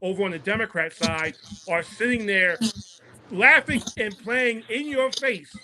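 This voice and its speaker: A man's voice: high voice, unhurried, sharp tone, poor audio. A man speaking as a guest on a political talk show, making an impassioned case and repeating words as he presses his points. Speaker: podcast guest.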